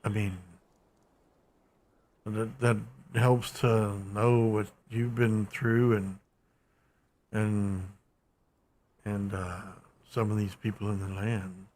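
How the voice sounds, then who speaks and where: A man's voice: lowish voice, little pitch movement, slow pace, long pauses, darkish tone. A man listening in a roleplay scene, answering in character with hesitant, repeated words. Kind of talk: in-character conversation.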